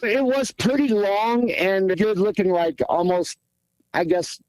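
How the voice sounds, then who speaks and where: Plainspoken hunter with a mellow voice. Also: male voice, sits high, expressive, slow pace, no room sound, low-quality recording. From Pacific Northwest. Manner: plainspoken, repeats himself, many fillers. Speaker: guest, hunter describing a sighting. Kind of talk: casual interview answers.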